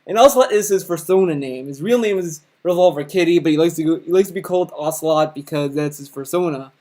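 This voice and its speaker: Guy doing a snarky crude game recap, slightly higher voice, lots of sarcasm. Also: fast, dark tone. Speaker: video host. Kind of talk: comedic video-game recap.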